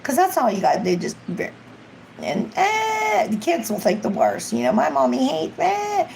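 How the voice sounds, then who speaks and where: A woman vlogger talks to her live-stream viewers in a casual, rambling way. Her voice sits at a middle pitch with a gravelly, fry-laced texture, and a faint hiss runs underneath. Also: wildly swooping pitch, normal speed, darkish tone, low-quality recording. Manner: rambling, chatty, acts out quotes. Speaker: ASMR vlogger.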